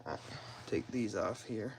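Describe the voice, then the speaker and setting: A man's voice: fairly low pitch, unhurried, vocal fry, slight background noise, poor audio. A man talking casually as he works on an engine, rambling and joking at himself while explaining each step, recorded on a phone in a garage. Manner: rambling, self-deprecating, talks to himself while working. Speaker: car mechanic vlogger. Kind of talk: casual how-to narration while working. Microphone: phone propped nearby.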